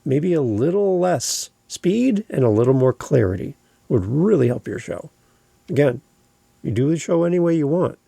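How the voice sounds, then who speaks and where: A man's voice: fairly high pitch, big pitch swings, moderate pace, vocal fry, warm tone, slightly rough, dry recording. A Canadian man hosting a podcast, speaking in a conversational, opinionated way. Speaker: podcast host. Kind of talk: casual podcast talk.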